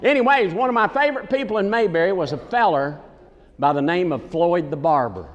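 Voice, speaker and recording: His voice sits high, animated and fairly quick, as he delivers folksy stand-up stories with a Southern US accent and teases the crowd. This comedic entertainer is performing for a live audience in a large conference hall, captured in an echoey recording with the highs cut off.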